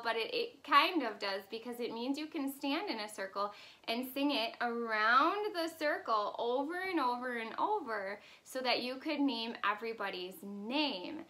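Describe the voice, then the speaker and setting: A woman's voice: high voice, sharp tone. A woman teacher in a video lesson for young children, cheerful and sing-song as she leads actions and songs. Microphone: camera in front of her.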